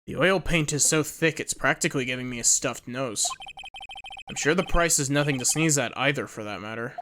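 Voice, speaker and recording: A woman's voice: very deep voice, fairly quick, fairly bright tone, slight background noise. A woman reading the lines of a young male defense lawyer, making dry, wry remarks, over game music. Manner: dry, wry remarks while looking around.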